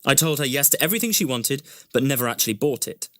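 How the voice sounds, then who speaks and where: A man's voice: mid-range voice, lively intonation, fast talker, fairly bright tone, no room sound, studio quality. A man narrating a scripted first-person story in an earnest storytelling voice that rises often.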